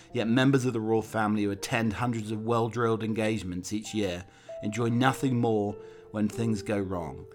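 A man narrating from a script in a steady, measured reading voice with occasional slips. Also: lowish voice.

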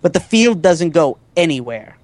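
A man narrates a tabletop game as its game master, setting scenes with halting restarts. His voice sits a little high. It is recorded close and dry, with no room sound. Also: big pitch swings, darkish tone, no room sound.

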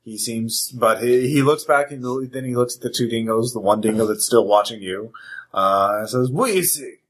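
A man narrating as game master of a tabletop role-playing game, halting and full of fillers. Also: lowish voice, fairly even intonation.

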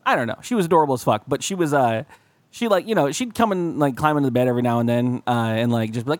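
A man's voice: mid-range voice, quick pace, no echo. A young man co-hosting a comedy podcast, telling crude, rambling stories full of swearing. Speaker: podcast co-host. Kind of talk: casual comedic chat.

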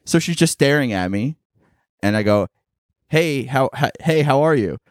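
A man in his thirties tells crude stories in a casual podcast chat, laughing often. His pitch swings widely as he talks. The sound is dry and close, with no room echo. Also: normal speed. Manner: animated, profane storytelling with frequent laughter. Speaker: podcast co-host and stand-up comedian.

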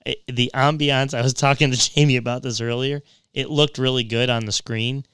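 A chatty man talks up a film he loved, dropping plenty of fillers as he goes. His voice is smooth and clear, with an ordinary pitch, and the dry sound places the mic close to him. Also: steady tone, fairly quick, a bit bright, no room sound. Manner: enthusiastic, chatty, filler-heavy. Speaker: podcast co-host. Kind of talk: casual movie review chat.

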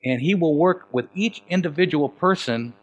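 A man preaching a sermon and telling his own story, swinging between loud emphatic questions and hushed, quiet quoted lines. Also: fairly high pitch, lively intonation, normal speed, dull audio, soft background music. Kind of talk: sermon with personal testimony.

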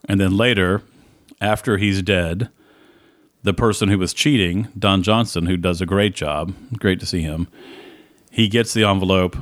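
A man's voice: deep voice, normal speed, dry recording, clean studio sound. A man co-hosting a casual movie review chat, rambling and correcting himself as he goes. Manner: rambling, self-correcting, enthusiastic. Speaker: podcast co-host.

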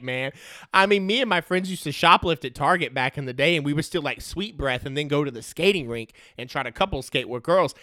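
A man's voice: on the high side, sharp tone, no room sound, studio quality. A man hosting a podcast, ranting in a loose, joking, profane way, short of breath. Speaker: podcast host. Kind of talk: casual sports podcast rant.

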